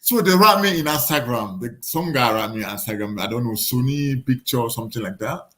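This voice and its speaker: A man in his forties from Africa, a boxer guest telling lively stories in broken English and acting out the voices of others. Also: medium pitch, a little fast. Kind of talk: casual storytelling.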